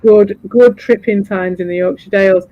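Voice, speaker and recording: A man streaming, chatting casually, swearing freely and rambling with animated energy. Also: sits high, normal speed, no room sound, muffled recording. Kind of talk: casual chat.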